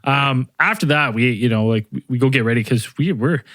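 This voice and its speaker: A man's voice: medium pitch, brisk, fairly bright tone, no room sound, clean studio sound. A man co-hosting a podcast, telling a drinking story in loose, rambling casual chat with lots of swearing and restarts. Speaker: podcast co-host.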